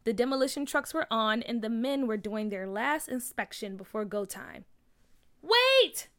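A woman reading a children's story aloud in an expressive, lively way. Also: a little high, normal speed.

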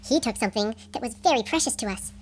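Brief: woman putting on an earnest princess, soft and slow, lively storybook read. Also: on the high side, voice pushed down. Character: earnest young princess asking pirates for help.

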